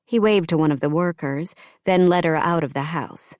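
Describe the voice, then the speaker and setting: Calm low-voiced woman audiobook narrator. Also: normal speed, no room sound, studio quality. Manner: calm, even storytelling. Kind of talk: scripted narration.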